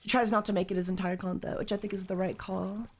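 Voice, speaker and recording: A woman streamer chatting casually while she plays a game, joking and swearing, and now and then bursting into loud mock rants. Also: mid-range voice, flat delivery, quick pace, faint music behind.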